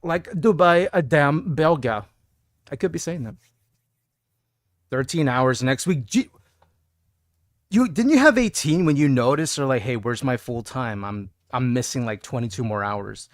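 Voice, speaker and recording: A man's voice: mid-range voice, lively intonation, measured pace, pauses often, no echo, studio quality. A young man from Texas in casual, rambling live-stream chat, reading out viewer messages as he plays. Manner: rambling, chatty, reads chat aloud. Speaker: game streamer.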